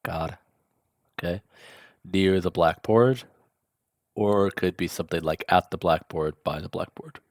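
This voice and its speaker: A man's voice: deep voice, unhurried, pauses often, dry recording, clean studio sound. A man teaching a language lesson in a casual, chatty way, enunciating carefully and dropping offhand asides. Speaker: language tutor.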